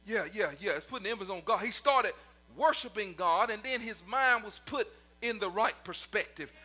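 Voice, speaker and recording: A man preaching a sermon to his congregation and online viewers, his voice climbing into shouts and sung cadences. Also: sits high, lively intonation, quick pace. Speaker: pastor.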